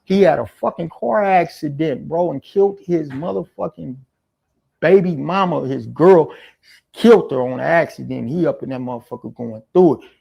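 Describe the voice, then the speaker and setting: Gravelly guy, kinda high voice, slangy street talk telling a jail story. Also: moderate pace, highs cut off. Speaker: interview guest. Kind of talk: casual storytelling.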